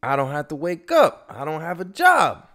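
A man's voice: mid-range voice, very slow, gravelly, voice pushed up. A man doing a groggy, grumpy sleeper. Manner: sleepy, sulky complaint. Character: groggy, grumpy jobless man woken early.

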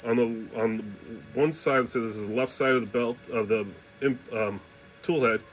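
A man's voice: medium pitch, normal speed, soft background music, low-quality recording. A man giving a casual hands-on tutorial, talking loosely and checking in with the viewer as he demonstrates. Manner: informal, loose phrasing, demonstrates while explaining, checks in with "right?". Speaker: 3D printing hobbyist demonstrating.

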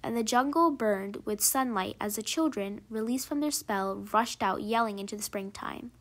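A woman narrating a short story aloud in a measured, expressive reading. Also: on the high side.

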